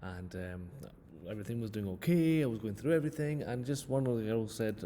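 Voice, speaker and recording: A man's voice: fairly low pitch, lively intonation, a little fast, warm tone, long reverb tail, a little hiss or hum. A man who is a physics teacher, telling a casual story and mockingly judging drawings. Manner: playful mock-outraged teasing.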